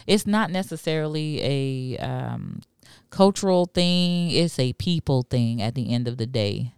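A woman's voice: rumbling low, very animated, vocal fry, a little mellow, smooth, no room sound, studio quality. A woman in casual chat who backs up her co-host and laughs easily. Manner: supportive back-and-forth, quick laughs.

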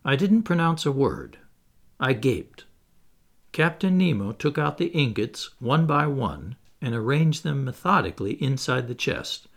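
A man narrating a classic novel in the first person as an audiobook, in a measured, expressive storytelling manner. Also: medium pitch, creaky.

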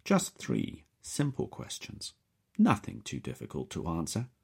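A tall, coolly polite captor, put on by a deep, husky-voiced male narrator speaks with a strong Slavic accent in an audiobook. Every syllable is clipped and precise, and his courtesy soothes while it threatens. The voice sits low with a breathy edge. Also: big pitch swings, a little slow, heavily acted. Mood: courteous menace.

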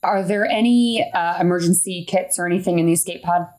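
Low-voiced woman playing a tabletop game. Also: a little fast, a little mellow. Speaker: player. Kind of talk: casual tabletop play.

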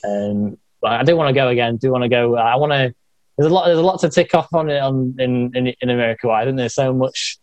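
A young man with a Yorkshire accent talks in a loose, rambling way, stopping often to reach for words with plenty of "like" and "uh". His voice sits at an ordinary middle pitch. The sound is close and dry, with no room around it. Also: a little fast, a little mellow, dry recording. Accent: Yorkshire English. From England, Yorkshire. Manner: hesitant, rambling with many fillers and laughs. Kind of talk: casual chat.

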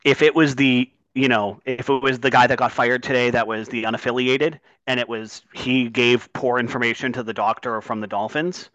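A man's voice: mid-range voice, fairly even intonation, moderate pace, hardly any pauses, fairly bright tone, dry recording, lo-fi sound. Impassioned man on a sports podcast. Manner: impassioned, swears when worked up. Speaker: podcast co-host. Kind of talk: casual sports talk.

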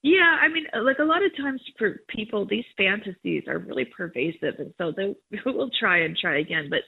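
A woman's voice: medium pitch, expressive, moderate pace, gravelly, slightly rough. A woman in her thirties, a guest and educator, explaining things in a frank, upbeat way over the phone. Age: 30s. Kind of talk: phone interview. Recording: tinny phone line.

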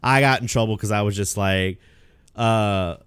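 A young man co-hosting a casual podcast, telling profane, animated stories and laughing often. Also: on the low side, fairly quick, smooth, dry recording, studio quality. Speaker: podcast co-host.

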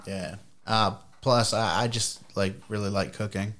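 A man's voice: lowish voice, fairly even intonation, measured pace, fairly bright tone. Laid-back man in crude podcast banter. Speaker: podcast co-host. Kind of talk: casual chat.

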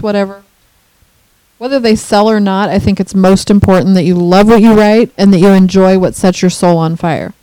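A middle-aged woman co-hosting a casual podcast, animated and quick to laugh. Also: medium pitch, no room sound. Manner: animated, laughs often, acts out her own thoughts. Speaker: podcast co-host. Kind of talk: casual chat.

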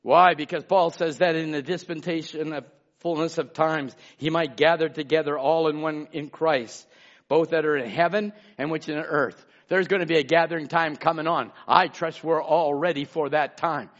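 A man preaching a sermon as pastor, swinging between emphatic shouts and hushed asides and calling out listeners by name. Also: fairly high pitch, steady tone, moderate pace. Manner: calls out congregation members by name. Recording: dull lo-fi sermon recording.

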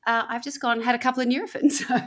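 A woman's voice: fairly high pitch, steady tone, racing, a bit bright. A woman with an Australian accent co-hosting a casual podcast, telling stories with lots of giggling. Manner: chatty, giggly storyteller. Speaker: co-host. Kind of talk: casual chat.

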